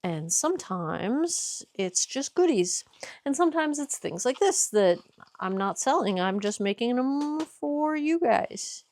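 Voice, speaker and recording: A woman's voice: high voice, big pitch swings, slow pace, darkish tone, slight background noise. A woman casually chatting to viewers as she works in her workshop, explaining steps and correcting herself as she goes. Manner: chatty, explains while working, self-correcting. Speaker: small business owner making skincare. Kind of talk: casual vlog with instructions.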